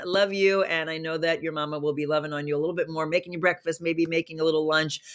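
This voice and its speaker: Chatty hoarse woman hosting a live stream. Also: low voice, fairly bright tone. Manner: chatty and upbeat, greets viewers by name. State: slightly hoarse from a virus. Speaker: host of a live online talk show. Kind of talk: casual live-stream chat reading viewer comments.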